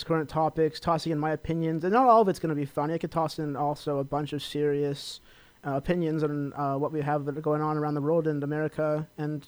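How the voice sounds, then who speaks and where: A young man from Los Angeles hosts a college radio talk show in a rapid, chatty ramble full of fillers and self-promotion. His voice sits a bit higher than most men's. The sound is dry and close, with no room around it. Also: a little mellow, clear, resonant tone, no echo. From Los Angeles, California. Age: young adult. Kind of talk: casual solo radio talk.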